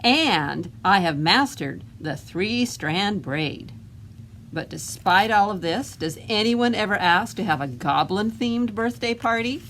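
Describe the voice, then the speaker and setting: Lady reading as a grumpy jealous goblin guy, sarcastic and huffy, slow picture book read-aloud. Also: medium pitch, expressive, fairly bright tone, a little hiss or hum. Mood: grumbling. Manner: indignant, sarcastic complaining. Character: grumpy jealous male goblin, self-important.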